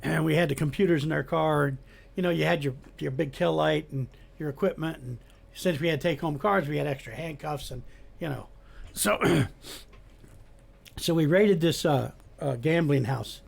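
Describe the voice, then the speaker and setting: A man's voice: on the high side, normal speed, gravelly, husky. A man in his sixties, a retired police officer hosting a podcast, telling a rambling old story with chuckles in casual chat. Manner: rambling anecdotal delivery with chuckles.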